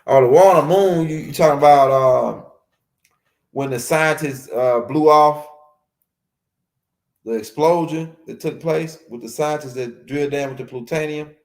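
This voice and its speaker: A man's voice: on the high side, measured pace. A man giving a casual, rambling lecture on a livestream, repeating himself and using street slang. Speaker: host of a spiritual teaching stream.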